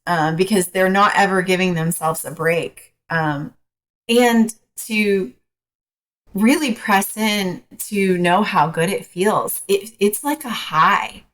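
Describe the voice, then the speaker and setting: A woman coach as a podcast guest, talking frankly in a casual, hesitant way with many pauses. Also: medium pitch, fairly bright tone, rough recording. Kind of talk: casual interview chat.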